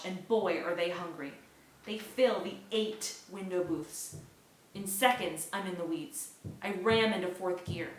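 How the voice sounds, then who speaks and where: Bright-voiced woman reading a novel aloud. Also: fairly low pitch. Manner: lively first-person narration. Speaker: book reader. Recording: echoey room.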